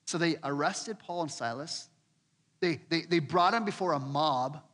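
Man, pastor, bright high voice, expressive sermon delivery, long hall reverb. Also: a little slow. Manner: expressive preaching, acts out quoted voices, repeats words when building.

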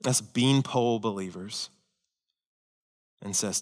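A man pastor preaching a sermon in an animated style, acting out quotes and adding humorous asides. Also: medium pitch, a little slow, long pauses. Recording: church hall reverb.

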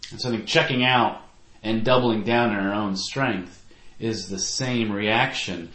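A man's voice: lowish voice, steady tone, a little slow, fairly bright tone. A man preaching a sermon to parents as a youth pastor, earnest and reflective, with personal stories. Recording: echoey room.

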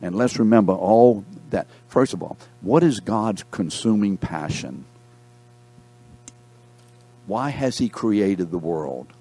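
A man's voice: fairly low pitch, lively intonation, takes it slowly, long pauses, warm tone, soft background music. A man teaching a Bible lesson, reading verses aloud and stopping to quiz his students, repeating key words for emphasis. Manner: reads scripture aloud, breaks off to quiz the class.

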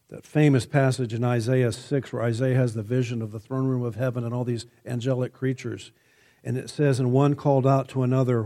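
A man preaching a sermon, measured and emphatic, lifting his voice when he quotes scripture. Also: medium pitch, steady tone, warm tone.

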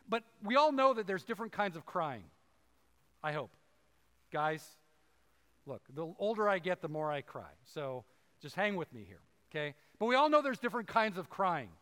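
Male pastor, casual preaching with asides to the room, high voice, reverberant church. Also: sharp tone. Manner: conversational, asides to the congregation. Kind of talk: sermon. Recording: long hall reverb.

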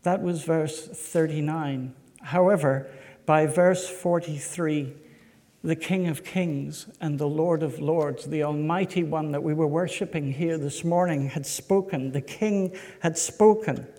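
Slow, emphatic preacher man. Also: on the high side, fairly even intonation, dark tone. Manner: slow, emphatic, rhetorical questions to the congregation. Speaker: pastor. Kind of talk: sermon. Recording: echoey hall.

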